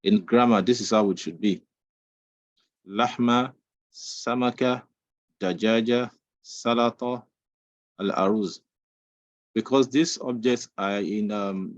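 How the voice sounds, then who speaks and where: Patient low-voiced man teaching Arabic online. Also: darkish tone, no room sound. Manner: patient, explains slowly in English between Arabic drills. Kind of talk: online language lesson. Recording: dull lo-fi dry sound.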